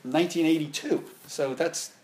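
A man in his fifties who teaches martial arts tells stories at normal speed in a casual interview. He rambles, restarts often, and uses fillers, and his voice jumps higher and louder when he gets animated.

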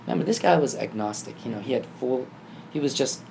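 A man telling a personal story in casual conversation, acting out the quoted dialogue with lively shifts. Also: medium pitch, fast talker, gravelly, slight background noise. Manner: animated, acts out quoted dialogue. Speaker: guest telling his story.

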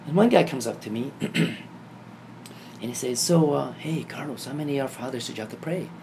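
Guy with a gravelly voice telling a dream story, gets worked up, noisy room. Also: moderate pace. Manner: animated, acts out scenes, rising pitch when excited. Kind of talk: casual storytelling. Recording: noisy background ambience.

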